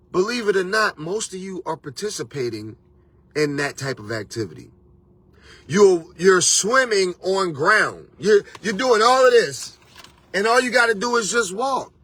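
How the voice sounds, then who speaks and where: A man's voice: sits high, sharp tone, slightly rough, no echo. A man hosting a motivational monologue, preachy and repetitive, with casual slang. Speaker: motivational host and life coach.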